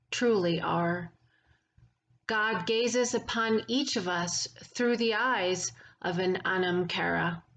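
A woman priest giving a gentle, reflective memorial sermon with lingering pauses. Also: medium pitch, a little hiss or hum, rough recording.

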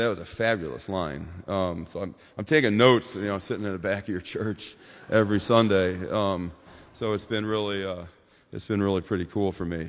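A man's voice: fairly low pitch, a bit bright, in a large hall. A man in his sixties giving a rambling, informal talk as a guest speaker in a church, with many fillers and asides.

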